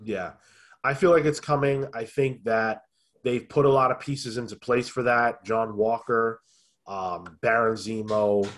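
A man's voice: medium pitch, steady tone, a little slow. Man musing over a show. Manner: thoughtful, with frequent ums and restarts. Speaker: podcast co-host. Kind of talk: casual review chat.

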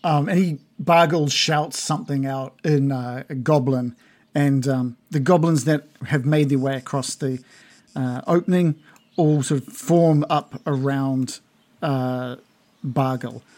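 Relaxed male game master. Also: medium pitch, a little slow. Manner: relaxed, with many fillers. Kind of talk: narrating a tabletop game.

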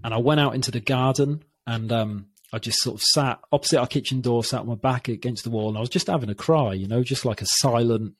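Husky, reflective man. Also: mid-range voice, no room sound, studio quality. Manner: open, reflective, halting with many restarts. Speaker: guest. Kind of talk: candid interview talk.

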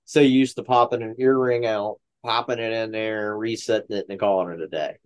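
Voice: medium pitch, steady tone, moderate pace, clear, resonant tone, low-quality recording. A podcast co-host chatting casually over a video call, rambling with lots of fillers. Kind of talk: casual chat.

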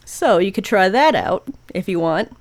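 A woman's voice: medium pitch, animated, measured pace. A woman co-hosting a podcast, sharing an odd science story in playful, wry banter. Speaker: podcast co-host. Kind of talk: casual chat.

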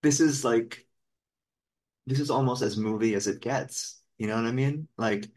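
A man from the Philippines co-hosting a podcast, with a voice at an ordinary middle pitch. He talks in loose, meandering casual chat. He leans on fillers like "like" as he goes. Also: moderate pace, darkish tone. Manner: loose and rambling, heavy on fillers like "like". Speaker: podcast co-host.

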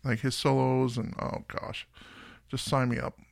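A man co-hosting a casual music podcast with a gravelly, creaky voice at a middle pitch. He talks in a joking, rambling, chatty way. The room sounds dry and close. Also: monotone, measured pace, no room sound. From United States. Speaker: podcast co-host.

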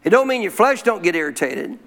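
A man with a high voice preaches a sermon to a congregation. He keeps calling out questions for the room to answer and draws out key phrases slowly for emphasis. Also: big pitch swings, vocal fry, a bit bright. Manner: call-and-response preaching with frequent questions to the congregation; slows to stress key phrases. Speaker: pastor.

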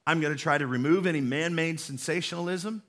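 A middle-aged male pastor delivers a sermon in a bright, slightly high voice. He talks earnestly and conversationally, walking his congregation through each idea. He keeps coming back to the same points to drive them home. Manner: earnest and conversational, explaining slowly with emphatic repetition.

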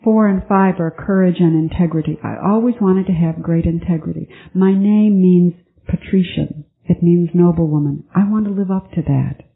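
Woman speaker, recovery-meeting share, earnest and halting, thin phone-like tape sound. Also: lowish voice, vocal fry. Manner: earnest, halting, with frequent restarts. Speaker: twelve-step speaker sharing her story. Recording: tinny phone-like conference tape.

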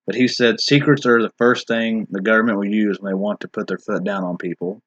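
A man with a lowish voice talks in a loose, rambling way, restarting his sentences and leaning on filler words. The recording is dull and muffled, with a dry, close sound and no room echo. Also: steady tone, a little fast, a bit bright. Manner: rambling, hesitant, many restarts. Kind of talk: casual discussion.

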